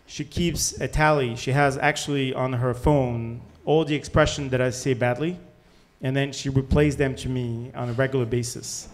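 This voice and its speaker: Man, French accent, panel investor, candid, jokey, filler-heavy, average pitch. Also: steady tone, normal speed. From France. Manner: candid, joking, many "like" fillers. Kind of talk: panel discussion answer.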